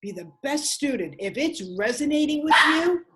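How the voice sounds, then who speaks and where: A woman's voice: high voice, sing-song, normal speed, very noisy. Emphatic woman in her sixties. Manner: emphatic, repeats phrases, acts out quotes. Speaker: guest speaker. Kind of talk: interview talk.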